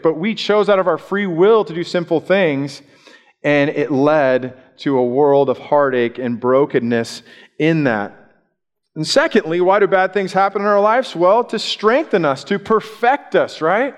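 A man preaches a sermon in a reverberant hall, his voice set a little high for a man. He tells the story in an animated way and acts out the voices of the people in it. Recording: long reverb in a large hall.

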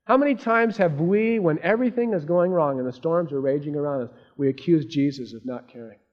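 A man's voice: a little high, fairly quick. A man preaching a sermon, telling a Bible story and acting out the disciples' frantic cries in raised voices. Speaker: pastor. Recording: dull lo-fi sermon recording.

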